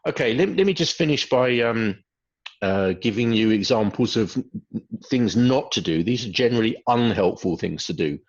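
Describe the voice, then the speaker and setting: A man's voice: mid-range voice, animated, normal speed. A man giving a webinar lecture, speaking hesitantly with many fillers. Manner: hesitant, many fillers, acts out quoted phrases. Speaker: webinar presenter on behaviour. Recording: dull lo-fi webinar audio.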